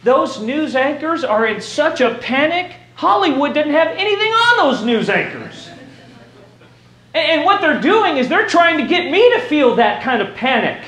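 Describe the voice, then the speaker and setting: High-voiced preacher in a roomy church. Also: male voice, measured pace. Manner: animated, rises to shouting for emphasis. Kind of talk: sermon. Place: church sanctuary.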